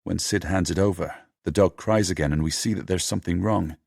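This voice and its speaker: A man narrating an audiobook in a steady, measured storytelling manner. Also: deep voice, gravelly, slightly rough, no echo, studio quality.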